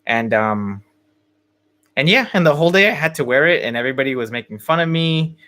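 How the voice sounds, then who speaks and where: A man's voice: fairly high pitch, expressive, fairly quick, sharp tone. A young man hosting a podcast, telling a story in casual chat with many fillers and restarts. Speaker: podcast host.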